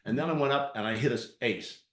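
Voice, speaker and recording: Animated male storyteller in a roomy hall. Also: medium pitch, fast talker. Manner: animated storyteller with acted-out quotes. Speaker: interviewer and performance coach. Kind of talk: live interview with storytelling.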